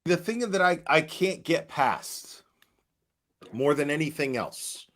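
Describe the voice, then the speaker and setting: A man giving casual livestream commentary, halting and repeating words as he questions and answers his chat. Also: fairly high pitch, expressive, fairly bright tone. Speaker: online commentator.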